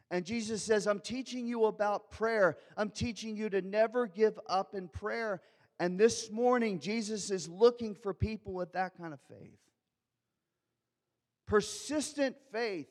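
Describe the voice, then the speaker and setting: A man in the pulpit delivering a sermon in a notably high voice. He acts out the scripture quotes and moves between loud, urgent lines and near-whispers. A long reverb trails his words through the sanctuary. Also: normal speed. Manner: dynamic preaching, acting out quotes, swinging from loud to hushed. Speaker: pastor.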